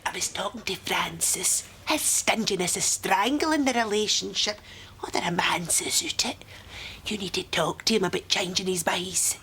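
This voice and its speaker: A woman's voice: mid-range voice, normal speed, fairly bright tone, slight background noise, lightly acted. Sitcom part: woman as gossipy Scottish busybody. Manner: gossipy, conspiratorial.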